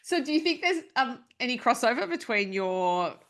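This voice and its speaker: A woman hosting a podcast who asks curious, measured interview questions. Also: on the high side, sing-song, fairly bright tone. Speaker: podcast host.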